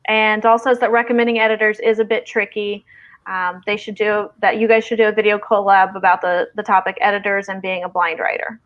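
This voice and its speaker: A woman's voice: medium pitch, fairly even intonation, brisk, fairly bright tone, highs cut off. A woman from Southern Indiana with a Midwestern twang, hosting a casual live stream and chatting while reading viewer comments aloud. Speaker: host of a writing stream.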